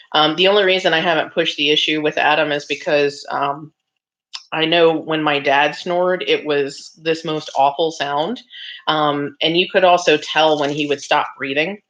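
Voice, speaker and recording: On a casual craft livestream, a woman with a deep voice and a fairly bright tone reads viewer comments aloud and chats back. She's talkative, answering each one with frequent laughs and lots of ums. The lo-fi recording sounds slightly dull.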